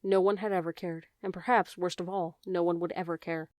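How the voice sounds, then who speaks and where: A woman narrating a children's audiobook in a measured, expressive storytelling manner. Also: on the low side, no echo.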